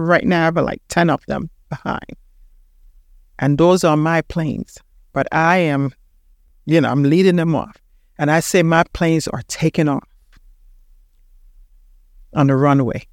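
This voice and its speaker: A woman's voice: fairly low pitch, darkish tone, clean tone, no echo, studio quality. Emphatic Panamanian woman in her sixties. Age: 60s. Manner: emphatic, repeats her points. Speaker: podcast host. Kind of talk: motivational talk.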